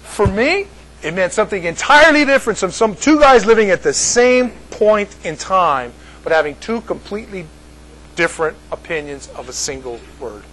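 A husky, fairly high-pitched older man from the United States tells a long, rambling story to a group. He often repeats himself and laughs along with his own jokes, in a loose, casual way. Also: animated, moderate pace, fairly bright tone, rough recording. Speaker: speaker addressing a group.

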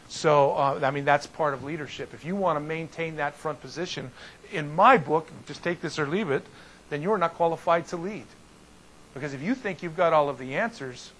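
A male pastor leads an informal Bible study, telling the story in a folksy, lively way and often restarting his sentences. His voice sits fairly high for a man. A faint hiss runs under the recording. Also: rough recording.

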